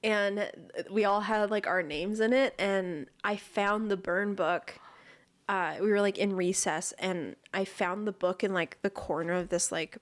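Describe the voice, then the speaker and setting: A woman's voice: medium pitch, steady tone, measured pace. A young woman co-hosting a casual chat, talking in a loose, filler-heavy way and laughing easily. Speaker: co-host.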